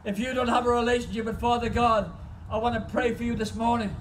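A man's voice: very high-pitched, little pitch movement, fast talker, far from the mic, background noise. A man preaching an impassioned sermon as a guest speaker, telling stories at an outdoor car park service.

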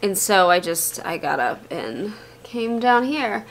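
A woman's voice: medium pitch, very animated, takes it slowly. Chatty young woman vlogger. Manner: chatty, rambling, candid. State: tired and queasy, out of breath. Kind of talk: casual chat to camera.

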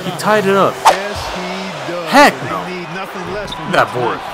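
A man's voice: fairly high pitch, big pitch swings, slow. Hyped young man calling his own game. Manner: hyped, shouting and half-singing at plays. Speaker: gaming YouTuber. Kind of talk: excited gameplay commentary. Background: background music.

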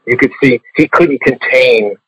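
The older comics artist and former editor sounds unhurried here, medium-pitched, a bit bright and husky, recorded dry with dull lo-fi quality. Chatting casually in an interview, he tells stories openly and swears freely.

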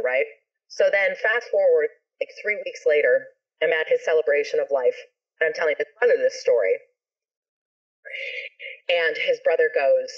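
Her voice is low-pitched and moderately paced as this guest, a ska musician and actor, shares a story over a video call. She's animated and swears freely, acting out quotes, on dull, lo-fi call audio.

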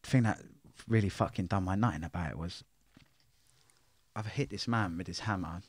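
A man's voice: low voice, moderate pace. A middle-aged man, telling his life story bluntly in an interview, full of swearing and street slang. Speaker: interview guest.

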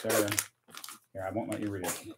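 An American man chatting casually and excitedly on a live stream while tasting snacks. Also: lowish voice, moderate pace, heavy background noise. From United States. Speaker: vlogger.

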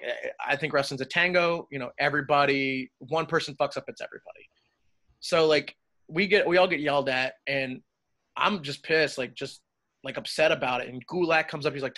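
A man, a wrestler guest on a podcast, telling stories casually with animated, profane energy. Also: on the high side. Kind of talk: casual interview storytelling.

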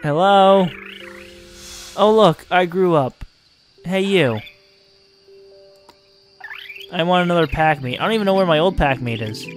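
A man with a slightly high voice gives excitable gameplay commentary. He shifts quickly between amused laughter and loud exasperation. Soft music plays faintly behind him. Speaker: let's play host.

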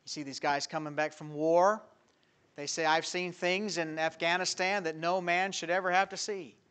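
A male pastor preaching an evening sermon in a church, full of rhetorical questions and swinging from loud to quiet. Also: fairly high pitch, steady tone, normal speed, clean tone. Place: church sanctuary.

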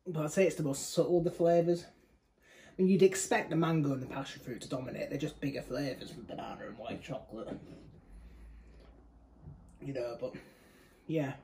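A man's voice: fairly high pitch, steady tone, moderate pace, pauses often, warm tone, a little hiss or hum, low-quality recording. A young man from the UK giving a casual, rambling beer tasting review, often correcting himself mid-sentence. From United Kingdom. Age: young adult. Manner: chatty, rambling, self-correcting.

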